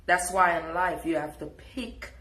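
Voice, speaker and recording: A woman's voice: lowish voice, measured pace, fairly bright tone, reverberant. A woman with a Jamaican accent, scolding and preaching in a sassy live reaction rant. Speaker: social media commentator.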